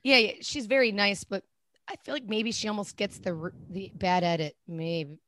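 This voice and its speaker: A woman co-hosting a podcast in casual chat, loud, blunt and teasing. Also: mid-range voice, steady tone, moderate pace, a little hiss or hum. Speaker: podcast co-host.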